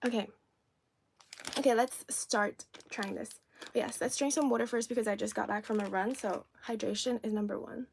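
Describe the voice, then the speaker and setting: A rambling, talkative woman hosts a live stream, her voice sitting a little high as she drifts from topic to topic while answering her viewers. Cantonese is her first language, and she keeps the tone loose and conversational. Faint background noise and the crinkle of wrappers run underneath. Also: steady tone, moderate pace, gravelly. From China. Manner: chatty and rambling, answering chat comments. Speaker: livestream host. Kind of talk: casual livestream chat, taste-testing snacks.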